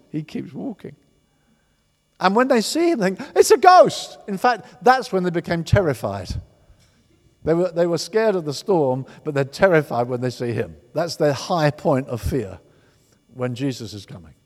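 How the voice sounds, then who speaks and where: Animated preaching man in echoing hall. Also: fairly high pitch. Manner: animated preaching, emphatic, repeats words. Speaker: pastor. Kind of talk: sermon. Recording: long hall reverb.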